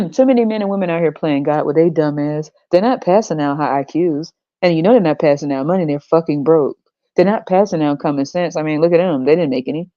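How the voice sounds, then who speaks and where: A woman's voice: low voice, dark tone, dry recording, highs cut off. A woman hosting a podcast, ranting bluntly with a lot of profanity. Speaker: podcast host.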